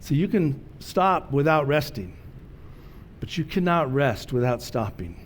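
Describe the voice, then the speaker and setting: Middle-aged man, pastor, relaxed storytelling sermon with slow emphatic phrases; slightly high voice, light background rumble.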